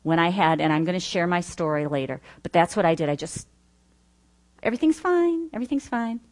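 Middle-aged female teacher, low-ish voice, earnest and conversational, works through a list. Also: fairly even intonation, fast. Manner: earnest, listing points with personal asides. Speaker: Bible study teacher. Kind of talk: teaching talk.

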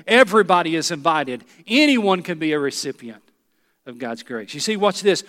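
A male pastor preaching a sermon. He uses dramatic pauses and drops low and soft on key words. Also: big pitch swings, in a large hall.

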